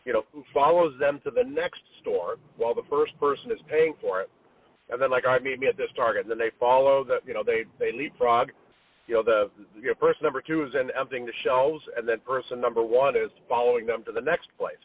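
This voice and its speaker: A man's voice: mid-range voice, a little fast. A man co-hosting a podcast in casual chat, exasperated, trailing off and restarting. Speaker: podcast co-host. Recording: tinny phone line, husky.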